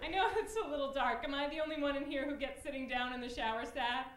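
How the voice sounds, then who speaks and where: A woman in her late twenties performing a stand-up comedy set, self-deprecating and given to loud excited bursts. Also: high-pitched, quick pace, a crowd in the background. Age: late 20s. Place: comedy club stage before a live audience. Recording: roomy club sound, audience laughter.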